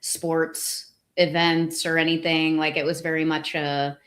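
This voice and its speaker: A woman's voice: sits low, little pitch movement, measured pace, a bit bright. A woman in her forties co-hosting a podcast, chatting frankly and bluntly. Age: 40s. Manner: frank, agreeable, uses blunt slang. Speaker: podcast co-host. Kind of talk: casual chat.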